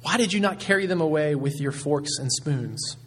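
A man reading a gentle, solemn old bishop. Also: fairly high pitch, lively intonation, normal speed, breathy edge. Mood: gracious. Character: gracious elderly male bishop, gentle and solemn.

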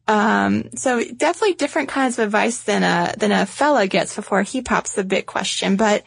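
A woman co-hosting a podcast in casual chat, relaxed and chatty. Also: mid-range voice, normal speed, vocal fry, few pauses, breathy edge, no room sound. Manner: chatty, relaxed, many fillers. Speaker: podcast co-host.

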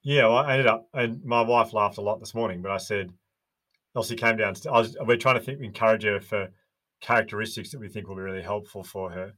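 A man's voice: lowish voice, a little fast, fairly bright tone. An earnest man with an Australian accent, telling parenting stories as a podcast guest in casual chat. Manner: earnest, storytelling with quoted dialogue.

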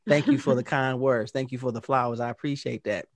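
A man co-hosting a podcast, telling animated stories and acting out the exchanges he quotes. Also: medium pitch, brisk, dry recording. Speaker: podcast co-host. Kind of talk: casual storytelling chat.

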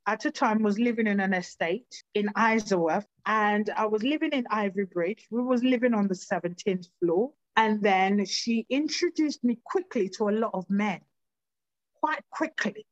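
A woman from Nigeria recounts her past in an earnest, halting voice. She stumbles and restarts as she goes. Her mid-range voice is captured dry and slightly muffled on a lo-fi recording. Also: mid-range voice, dry recording. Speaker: personal storyteller. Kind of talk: recounting a personal life story.

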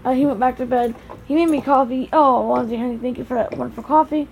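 A woman's voice: high voice, fairly even intonation, fast talker, gravelly, a little mellow, a little hiss or hum, poor audio. A mother talking casually to camera in a rambling daily vlog, moving between her car and her home. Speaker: vlogger, mother.

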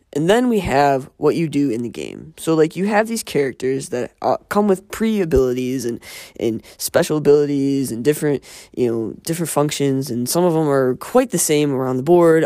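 Casting: loose, cursing male host thinking out loud, mid-pitched, close and dry. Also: no room sound. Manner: rambling, profane, self-interrupting. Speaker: podcast host. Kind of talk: casual monologue.

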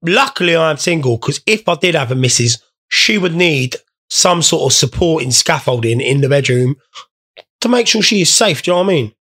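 A man's voice: a little high, animated, normal speed, fairly bright tone, slightly rough. A young man hosting a casual podcast, rambling, swearing and joking while stoned. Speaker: podcast host.

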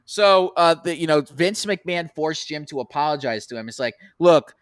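A man with a high voice rants and curses through a casual podcast chat, slipping into the voices of the people he quotes. The sound is close and dry, with no room around it. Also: animated, normal speed, fairly bright tone, no echo. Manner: ranting, profane, mimics people in quotes.

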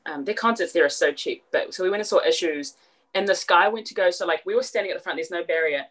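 A young woman with a New Zealand accent, a podcast guest telling stories in casual chat, quick and full of fillers. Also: on the low side. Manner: rapid, animated storytelling with many fillers.

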